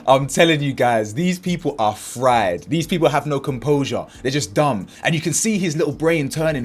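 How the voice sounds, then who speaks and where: A commentary channel host delivers fired-up reaction commentary, indignant and animated, acting out what other people said and using heavy street slang. His voice is on the high side, with a moderate pace and few pauses.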